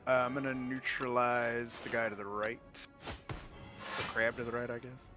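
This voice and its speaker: A man playing a game with friends, laid-back and casual, swearing now and then. His voice sits in a middle pitch. Game music plays clearly behind him. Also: little pitch movement, measured pace. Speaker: game player. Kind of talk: casual gaming chat.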